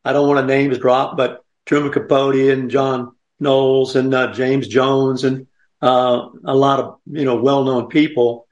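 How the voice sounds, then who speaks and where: A man's voice: medium pitch, flat delivery, unhurried, a little mellow, echoey room, highs cut off. An older man hosting a radio talk show, chatting in a folksy, rambling way and laughing often. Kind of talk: casual radio chat.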